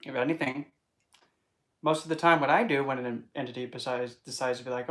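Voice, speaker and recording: Brisk, steady and fairly bright in a mid-range voice, this spiritual vlogger talks casually to camera in a chatty, meandering way. She or he keeps things playful with wordplay, asides and frequent silly voices.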